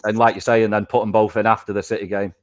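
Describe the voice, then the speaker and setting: A man's voice: on the low side, little pitch movement, rapid-fire. A man hosting a casual football watchalong, chatty and upbeat as he speaks to viewers and reads their comments. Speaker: host.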